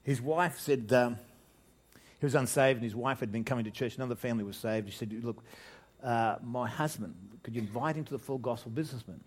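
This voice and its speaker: A man with an Australian accent preaching a sermon as pastor, animated, joking, and often restarting his sentences. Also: medium pitch, a little fast. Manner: animated preaching with jokes and frequent restarts, voice swelling for emphasis.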